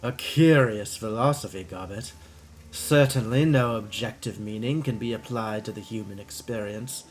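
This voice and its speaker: A pompous, lofty male scholar from a cyberpunk game, lecturing in a low, measured voice with a put-on, vaguely Eastern European accent, as a man puts him on. He speaks down to others in a slow, formal cadence. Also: natural voice, rough recording. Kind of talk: live-streamed game dialogue read aloud.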